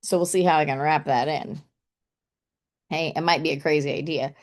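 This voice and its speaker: A woman's voice: deep voice, fairly even intonation, normal speed. A woman teaching a casual online poetry lesson, chatty and thinking aloud, saying "okay" often and tapping out syllables and stresses.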